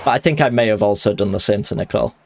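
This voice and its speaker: A man chatting excitably and jokily while streaming a fighting game live. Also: fairly low pitch, rapid-fire, gravelly, slight background noise. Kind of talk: live gaming commentary.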